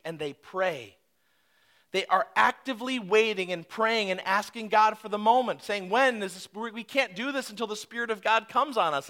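A preacher with a high, bright, forceful voice. He drives his points home loudly, then drops into hushed asides, telling the story to his congregation. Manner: animated preaching, swinging between loud emphasis and hushed asides. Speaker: pastor. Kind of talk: sermon.

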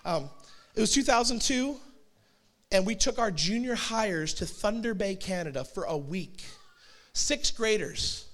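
High-voiced male pastor, conversational sermon. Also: lively intonation, measured pace, a bit bright. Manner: storytelling, conversational with acted quotes and asides.

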